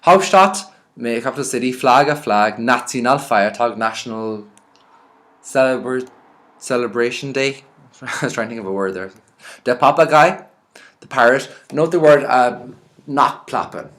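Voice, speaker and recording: Irish teacher going over vocabulary. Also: male voice, mid-range voice, moderate pace. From Ireland. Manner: reads words out, then explains in a relaxed, chatty way. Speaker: language teacher. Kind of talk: vocabulary lesson.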